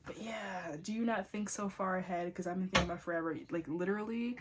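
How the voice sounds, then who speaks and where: A woman giving a casual tarot reading in a blunt, excitable way, cursing often. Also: fairly low pitch, fast, noisy background. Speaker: tarot reader.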